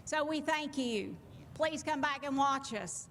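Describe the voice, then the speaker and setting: A woman's voice: sits high, unhurried, fairly bright tone, big-room sound, a little hiss or hum. A woman with a Tennessee twang speaking on a handheld mic, chatty and friendly toward the fans. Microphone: handheld microphone.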